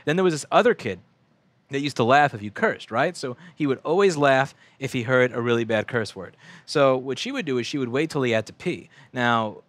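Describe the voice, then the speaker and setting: Working at the repair bench on his livestream, an American shop owner in his twenties rants profanely and wanders off topic, putting on mocking voices as he goes. He speaks at a medium pitch, fairly quickly, with no echo.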